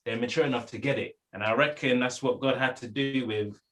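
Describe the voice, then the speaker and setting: A man, a teacher in a Bible study discussion, telling a classroom story in a casual, lively way and often repeating words. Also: mid-range voice, fairly quick, poor audio.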